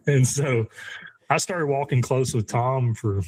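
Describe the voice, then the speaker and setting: A man, a guest on a podcast who leads a men's ministry group, telling personal stories conversationally in an animated, chatty way. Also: medium pitch, a little slow, pauses often, no room sound, poor audio. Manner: animated, chatty with frequent fillers and laughs. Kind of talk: conversational storytelling.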